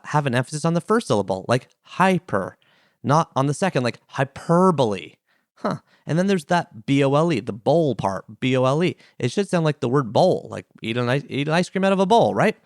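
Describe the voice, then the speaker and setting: Man, podcast host, enthusiastic and playful, very expressive pitch, dry close sound. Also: dry recording. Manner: enthusiastic, playful, musing aloud. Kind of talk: solo podcast segment, reading a letter and explaining a word.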